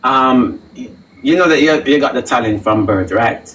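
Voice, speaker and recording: A man's voice: mid-range voice, lively intonation, moderate pace, fairly bright tone, distant mic, a little hiss or hum, low-quality recording. A man with a Jamaican accent interviewing a guest, effusive and gushing, often repeating himself. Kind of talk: comic interview chat.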